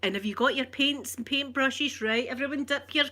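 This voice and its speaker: A woman's voice: sits high, normal speed, voice pushed up. A Scottish woman voicing a stern, bossy female primary schoolteacher who barks clipped orders. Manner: barking orders, sharp and clipped.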